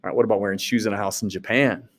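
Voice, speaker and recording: A man's voice: lowish voice, fairly even intonation, very fast. A man from the United States teaching a class in a casual, conversational way, often asking rhetorical questions and checking in with "okay?". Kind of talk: recorded classroom lecture recap.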